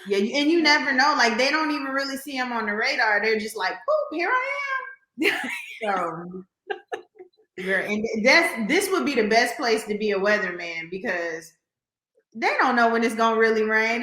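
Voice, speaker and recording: A woman with a Southern American accent, a realtor talking in a lively, folksy way as a podcast guest. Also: on the high side, normal speed, reverberant. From Southern United States. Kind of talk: casual podcast interview.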